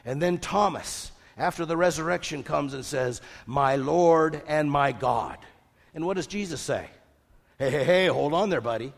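An older man preaching a sermon, lively, asking rhetorical questions and quoting scripture. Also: medium pitch. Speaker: pastor. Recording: long hall reverb.

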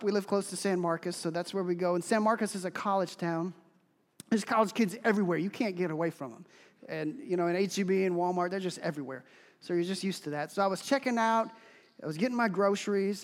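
A man preaching a sermon as pastor, telling stories in an animated, emphatic way. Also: sits high. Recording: long hall reverb.

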